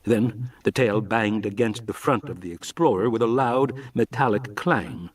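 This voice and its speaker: Guy reading a novel out loud, husky, kinda far from the mic. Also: lowish voice, measured pace. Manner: expressive storytelling delivery. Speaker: audiobook narrator. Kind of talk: scripted narration.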